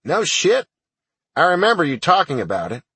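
Gruff old army sergeant, as a male narrator puts him on. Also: a little high, huge pitch swings, normal speed, a bit bright, no echo, voice pushed up, heavily acted. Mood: grumbling. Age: older. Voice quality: gruff, barking. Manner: dry sarcastic retorts. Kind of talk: audiobook character voice.

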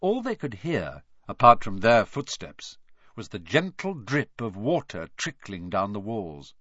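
Animated male storybook narrator. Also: lowish voice, measured pace, no room sound, lo-fi sound. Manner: animated, dramatic reading. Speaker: audiobook narrator.

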